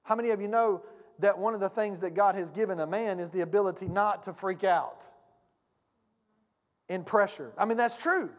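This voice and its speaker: A man's voice: high voice, normal speed. A man pastor preaching a sermon, telling a story with rising, dramatic delivery and calling out to his congregation. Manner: calls out to the congregation. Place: church sanctuary. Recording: long hall reverb.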